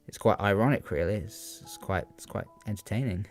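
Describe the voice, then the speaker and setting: A man's voice: lowish voice, fairly quick, hardly any pauses, faint music behind. A young man talking through poetry revision, hesitant and full of ums, asking rhetorical questions as he goes. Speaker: student giving exam revision. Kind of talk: unscripted revision talk.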